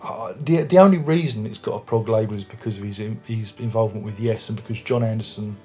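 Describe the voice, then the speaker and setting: A man's voice: on the low side, quick pace, darkish tone, faint music behind. A man reviewing an album at home, chatting casually with lots of restarts. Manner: rambling, chatty, many restarts. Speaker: music review vlogger. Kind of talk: casual chat. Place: home room with record player and speakers.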